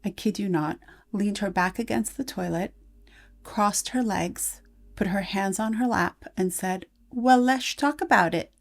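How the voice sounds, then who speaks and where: Middle-aged woman, podcast host, midwife; gravelly, lively storyteller. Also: mid-range voice, unhurried. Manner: warm storytelling, acts out voices. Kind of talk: casual conversation.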